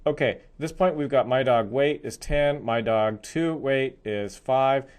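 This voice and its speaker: A man's voice: mid-range voice, unhurried, a little mellow. A male programming instructor explaining code step by step in a recorded screencast lesson.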